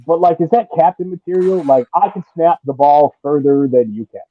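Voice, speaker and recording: A man of middle pitch talks casually and rambles, often stopping to hedge with "I don't know." His audio is tinny and phone-like, with a flat, dead-dry sound. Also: normal speed, dry recording. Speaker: podcast co-host. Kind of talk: casual sports chat.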